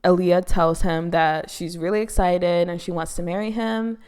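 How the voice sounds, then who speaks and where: A woman's voice: fairly low pitch, fairly even intonation, moderate pace, darkish tone, smooth. A woman hosting a casual TV recap, talking in a chatty, gossipy way full of fillers. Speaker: YouTube commentary host.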